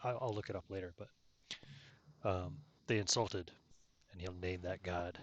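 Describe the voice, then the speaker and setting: A man's voice: low voice, fairly even intonation, moderate pace, dull audio, slight background noise. A man running a tabletop game, chatting offhand and correcting himself as he talks. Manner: offhand, self-correcting, joking. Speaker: game master. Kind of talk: casual out-of-character chat.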